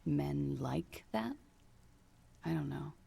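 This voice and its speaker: An actress voicing a weary, guarded young woman in a video game, speaking in a low-key, tired manner. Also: expressive, slow pace, vocal fry, warm tone, slightly rough, heavily acted. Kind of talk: game character voice acting.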